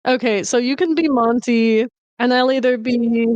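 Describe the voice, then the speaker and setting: A woman's voice: fairly high pitch, fairly even intonation, moderate pace, darkish tone, no room sound, muffled recording. A woman chatting casually with friends while planning a tabletop game, joking around. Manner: joking, trying out a transatlantic gangster voice. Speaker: player.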